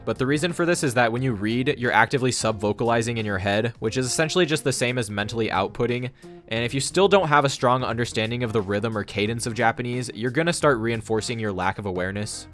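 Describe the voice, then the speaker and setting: A man's voice: medium pitch, a bit bright. A man giving a scripted explainer monologue on language learning, matter-of-fact and confident.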